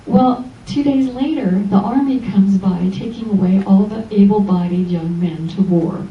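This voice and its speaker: A woman's voice: medium pitch, moderate pace, hardly any pauses, lo-fi sound, slight background noise. A woman spiritual teacher giving an inspirational Sunday church lecture, telling stories and acting out the voices of the people in them. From Los Angeles. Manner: animated storytelling, acting out quoted voices. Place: church hall. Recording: echoey church hall from far off.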